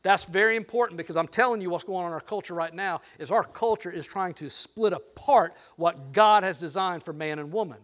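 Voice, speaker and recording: A man's voice: sits high, brisk, few pauses, a bit bright. An older man preaching a sermon, playful and teasing, talking straight to the crowd. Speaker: pastor.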